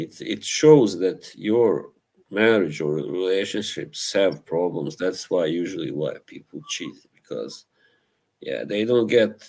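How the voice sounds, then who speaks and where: A man's voice: deep voice, gravelly, a little mellow, low-quality recording. A man casually chatting on a live stream, reading viewer messages and laughing often. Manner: slow, laughing, trying British accents for fun.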